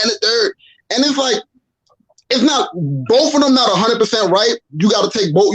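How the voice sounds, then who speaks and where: A man from New Jersey calling in to a live stream, chatting quickly in slang with stumbles and restarts. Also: high-pitched, poor audio. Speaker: caller. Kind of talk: casual call-in chat.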